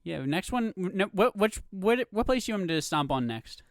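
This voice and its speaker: A man's voice: high voice, sing-song, normal speed, no echo, clean studio sound. A man co-hosting a podcast, chatting casually and animatedly with mock outrage and frequent laughter. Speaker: podcast co-host. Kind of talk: casual chat.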